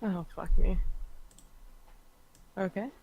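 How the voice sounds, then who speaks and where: A woman's voice: fairly low pitch, slow pace, vocal fry, mellow, dry recording, low-quality recording. A woman playing a tabletop game, chatting casually in a hesitant, playful way. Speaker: player.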